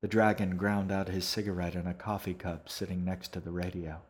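A man narrating an audiobook in an even, unhurried storytelling manner. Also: sits low. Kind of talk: scripted narration.

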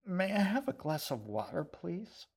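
A man reading an audiobook voices a proud, sharp-tongued young girl who speaks in a withering, sarcastic way. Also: medium pitch, slow pace.

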